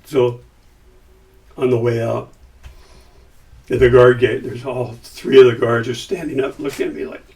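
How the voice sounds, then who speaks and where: A man's voice: mid-range voice, unhurried, pauses often, far from the mic. An older man, a podcast guest, telling a long story in a casual way and acting out the quoted lines. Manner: lively, acts out quotes in his stories.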